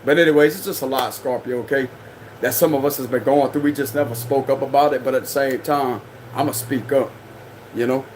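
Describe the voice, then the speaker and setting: A man's voice: medium pitch, fairly even intonation, brisk, darkish tone, slight background noise, low-quality recording. A young man reading tarot on a livestream, ranting in a heated, confrontational, slangy way. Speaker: tarot reader. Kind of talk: livestream rant.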